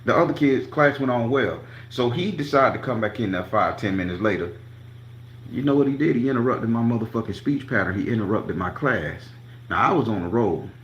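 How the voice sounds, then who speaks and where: A man's voice: medium pitch, expressive, brisk, reverberant, dull audio, slight background noise. A man telling a profane story to his channel, acting out each quote with emphasis. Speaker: tarot reader and channel host.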